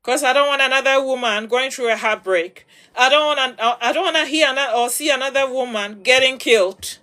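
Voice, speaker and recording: Emphatic high bright woman. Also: fairly quick. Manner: emphatic and preachy, repeats words for stress. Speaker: livestream host. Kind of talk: advice talk to followers.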